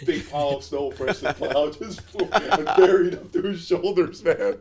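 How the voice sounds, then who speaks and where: A man's voice: on the high side, moderate pace, crowd noise. A man from Canada telling wild stories as a podcast guest, swearing freely and laughing as he goes. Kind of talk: animated storytelling.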